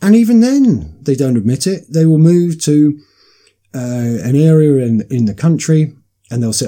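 A man's voice: on the high side, animated, normal speed, mellow. A man delivering an emphatic, insistent monologue with frequent restarts. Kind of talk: political monologue.

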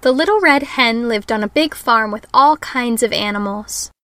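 A woman reading a children's story aloud with an unhurried, careful storybook delivery. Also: on the high side, a bit bright, no room sound.

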